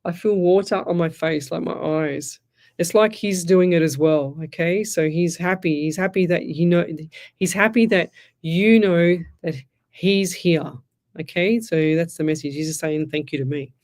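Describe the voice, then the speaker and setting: Her voice is fairly low and darkish, moving at a moderate pace. She's an Australian psychic medium hosting live radio, doing readings in a casual, meandering chat and laughing frequently through her stories.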